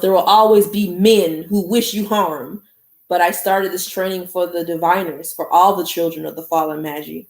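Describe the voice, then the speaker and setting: A stern older woman who teaches young girls to fight with the staff, firm and commanding as she instructs them, as a woman reading aloud puts her on. Her voice sits on the low side, and it rings out in a roomy, echoing space. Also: a little mellow, lightly acted. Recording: echoey room.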